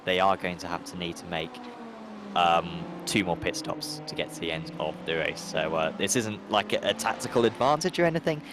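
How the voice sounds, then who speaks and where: Guy doing sim racing commentary, lowish voice, keeps stopping and restarting, noisy background. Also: brisk. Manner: rambling, hesitant, lots of fillers and restarts. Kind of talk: live race commentary.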